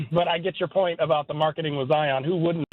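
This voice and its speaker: A man's voice: on the high side, fairly even intonation, brisk, no echo. A man calling in to a sports radio show, making his point hesitantly and with fillers. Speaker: caller. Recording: phone line.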